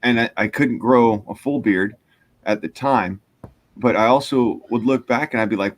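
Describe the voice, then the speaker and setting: A man in casual podcast chat who explains things calmly and firmly and corrects others. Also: mid-range voice, unhurried, pauses often.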